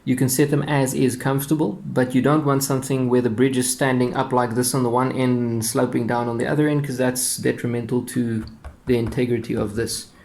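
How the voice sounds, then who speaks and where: A man explaining a guitar setup step by step in a casual, unhurried way, with fillers and repeated words. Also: mid-range voice, flat delivery, gravelly, darkish tone. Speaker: guitar teacher.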